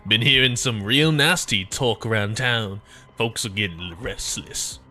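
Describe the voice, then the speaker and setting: A man's voice: fairly low pitch, a little slow, sharp tone, soft background music. A man voicing a worried, grumbling male cook who pleads with a friend.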